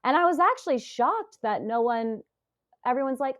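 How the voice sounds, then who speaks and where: Animated woman telling game stories. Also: on the high side, moderate pace, highs cut off. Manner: animated storytelling, acts out quoted voices. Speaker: podcast guest. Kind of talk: casual interview talk.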